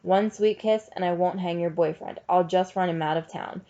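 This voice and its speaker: A woman's voice: lowish voice, steady tone, dark tone, lo-fi sound, lightly acted. A woman drawling as a drunk leering sheriff. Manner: slow drawl. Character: drunk, leering small-town male sheriff.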